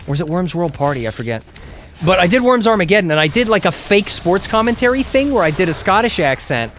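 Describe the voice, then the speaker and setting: A man talks casually and excitedly to his viewers while playing, rising into shouts in the fights. His voice sits fairly high, and a faint hiss runs under the stream. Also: quick pace. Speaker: game streamer.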